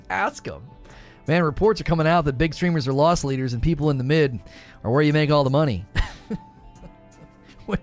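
A man hosts a casual live stream and talks through his thoughts in a loose, rambling way. He breaks off for quick asides and reads comments from chat. His voice sits a little high, with soft music underneath. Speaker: livestream host.

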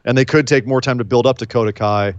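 A man co-hosting a podcast in casual chat, animated, with incredulous outbursts and quick asides. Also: mid-range voice, no room sound. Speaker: podcast co-host. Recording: dull, lo-fi dry sound.

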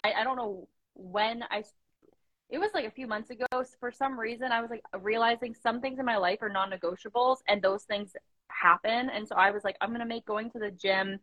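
A woman's voice: fairly high pitch, fairly even intonation, brisk, a bit bright, dry recording, low-quality recording. Young woman rambling on a video call, lots of likes, dry close sound. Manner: chatty, many fillers and quoted asides. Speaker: coaching client, business owner. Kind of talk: casual video-call chat.

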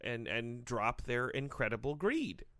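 A man's voice: medium pitch, sing-song, measured pace, bright, forceful tone, no echo, clean studio sound, voice pushed down. A man doing a stiff, defensive league commissioner. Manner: formal and self-justifying.

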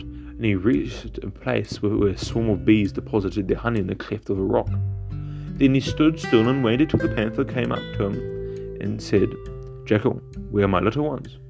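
A man's voice: on the low side, gravelly. A man reading an old folk tale aloud as the host of a storytelling show, with small slips as he goes. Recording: dull lo-fi recording with faint guitar.

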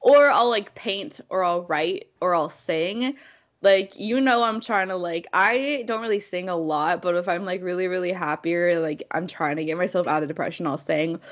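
A young woman co-hosting a podcast in casual chat, animated and laughing often. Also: lowish voice, muffled recording. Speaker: podcast co-host.

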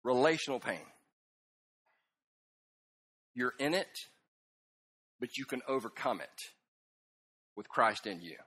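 A man preaching a humorous sermon, telling emotional stories, dropping soft and then bursting out laughing and loud. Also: mid-range voice, slow pace, pauses often, breathy edge. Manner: animated storytelling, swings from hushed to loud laughing outbursts. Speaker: pastor. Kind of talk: sermon with self-deprecating humor.

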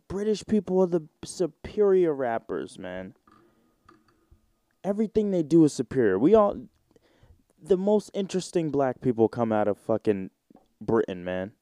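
A young man in his twenties hosts his own podcast and talks loosely in slang, with a mellow, warm tone. His voice sits dry and close, with no room around it. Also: on the low side, clean tone, no echo. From United States. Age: 20s. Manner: rambling, joking, slangy and irreverent. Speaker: podcast host. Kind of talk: casual solo podcast chat.

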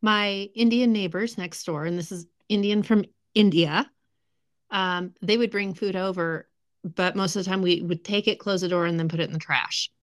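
A woman's voice: lowish voice, steady tone, normal speed. Woman, podcast co-host, casual chat, blunt, matter-of-fact.

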